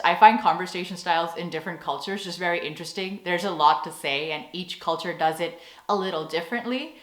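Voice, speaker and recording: American woman vlogger, young adult, animated and playful, recorded in an echoey room. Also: mid-range voice. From United States. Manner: animated, playful, acts out quoted phrases. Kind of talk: casual talking-head vlog.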